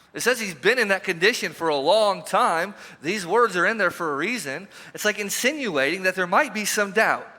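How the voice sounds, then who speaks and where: A pastor giving a conversational, emphatic sermon, asking the congregation repeated questions, recorded in a church sanctuary. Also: male voice, high voice, pushed and bright. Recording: reverberant church hall.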